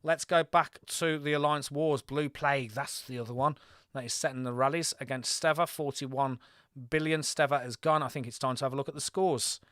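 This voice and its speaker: A man's voice: medium pitch, fairly even intonation, moderate pace, a bit bright, no echo, studio quality. A man from Birmingham hosting a live game stream, chatting with viewers and reading out scores and rallies as they happen. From Birmingham, England. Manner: chatty, reads scores aloud, talks to chat.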